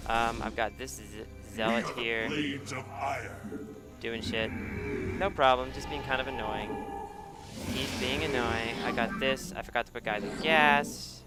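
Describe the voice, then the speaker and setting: A young man commentating his own strategy game match at home, rambling and mocking himself, with bursts of shouted frustration and swearing. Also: mid-range voice, a little slow, pauses often. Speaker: gameplay commentator. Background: background music.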